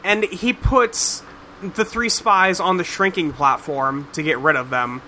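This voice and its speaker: High, bright-voiced casual podcast guy. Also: steady tone, a little slow, slight background noise. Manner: rambling, profane, lots of fillers. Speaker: podcast host recapping a cartoon. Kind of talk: casual chat.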